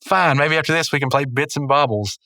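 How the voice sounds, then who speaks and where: Childlike old gentleman, prim and delighted, as a man puts him on; raised pitch, dry and close. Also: brisk, no echo.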